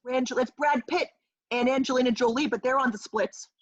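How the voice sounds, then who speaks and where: A woman improvising a comedy scene over a video call, brash and rambling with a deadpan edge. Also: sits high, fairly quick. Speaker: improv performer. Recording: dull lo-fi video call audio.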